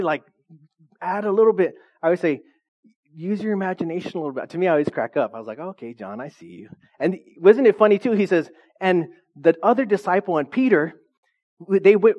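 A man's voice: sits high, muffled recording. A man preaching a sermon as pastor, reading scripture and slipping in joking asides to the congregation.

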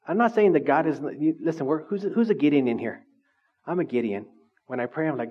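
A man's voice: medium pitch, lively intonation, moderate pace, breathy edge. Middle-aged man preaching conversationally. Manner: conversational, asks the congregation questions. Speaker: pastor. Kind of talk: sermon. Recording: slightly dull, lo-fi recording.

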